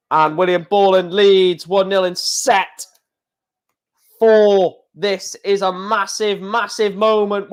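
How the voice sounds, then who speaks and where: Hiccuping as he goes, a high-pitched man reacts to darts live on his casual stream. He chats directly with his viewers and gets excited.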